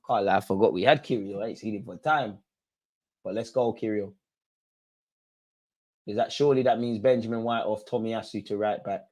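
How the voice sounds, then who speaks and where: A young man hosting a football watch-along, reacting live to the match in a slangy, excitable way and pleading with the players. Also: lowish voice, normal speed, long pauses. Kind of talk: live reactive commentary to viewers.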